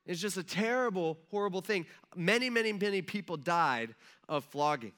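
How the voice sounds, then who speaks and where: A man's voice: high voice, animated, moderate pace, a bit bright. A male pastor giving a sermon as casual, conversational storytelling with slang, acting out the voices of the people in the story.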